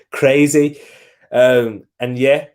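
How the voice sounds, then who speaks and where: A man's voice: medium pitch, steady tone, drawn-out words, a little mellow, smooth. A young man hosting a live football watch-along, chatting casually, reacting to the match and answering viewer comments.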